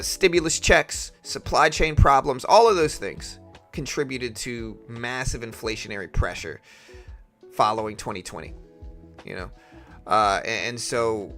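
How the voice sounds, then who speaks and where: A man's voice: medium pitch, sharp tone. A young man casually talking markets on a live trading stream, opinionated and chatty as he reads out chat messages.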